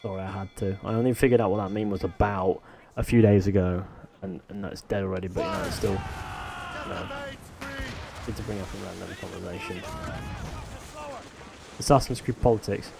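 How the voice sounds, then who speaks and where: A man's voice: sits low, fairly even intonation, a little fast, vocal fry, background noise. A man from northwest England with a Manchester accent, live-streaming a game, reading chat aloud and joking in a rambling way.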